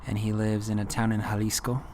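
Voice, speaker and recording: A man's voice: fairly low pitch, little pitch movement, a little fast, a little mellow, slight background noise. A young man from California casually telling a story about himself, self-deprecating and rambling with fillers.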